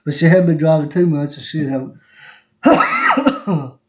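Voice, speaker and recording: A man's voice: on the high side, huge pitch swings, unhurried. Rambling young man in a roomy space. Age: 20s. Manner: rambling, laughing, repeats himself. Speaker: podcast host. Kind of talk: casual storytelling on a livestream. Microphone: phone livestream. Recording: roomy, dull lo-fi livestream sound.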